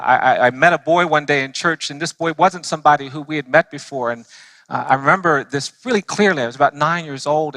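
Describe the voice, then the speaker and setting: Earnest man, forceful bright voice. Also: fairly high pitch, no echo. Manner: earnest storytelling, slowing for emphasis. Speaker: lawyer. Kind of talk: impassioned speech to a church audience.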